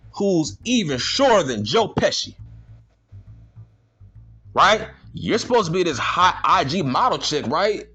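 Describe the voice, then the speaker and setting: A man's voice: fairly high pitch, sharp tone, breathy edge. A man ranting in a vlog, indignant and slangy, firing the same rhetorical questions again and again. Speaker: vlogger.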